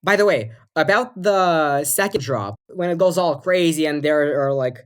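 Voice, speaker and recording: Low-voiced woman rambling about her music. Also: lively intonation, normal speed. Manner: rambling, many fillers and restarts. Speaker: podcast co-host and music producer. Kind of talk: casual chat.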